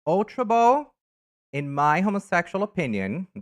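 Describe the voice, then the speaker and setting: A man chatting casually on a live stream, camp and animated, greeting viewers by name while he ranks things. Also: high voice, a little slow. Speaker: live streamer reading chat. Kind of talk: casual live-stream chat ranking items.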